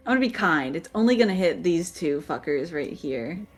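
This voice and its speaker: A woman's voice: on the low side, animated, brisk. A woman running a tabletop game as game master, laid-back and joking, swearing casually.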